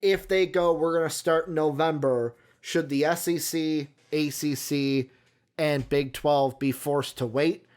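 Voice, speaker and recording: A man hosts a casual sports talk show. His voice sits a bit high, and he rambles before working himself up into heated bursts. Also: measured pace, clean tone. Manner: heated, rambling, animated when worked up.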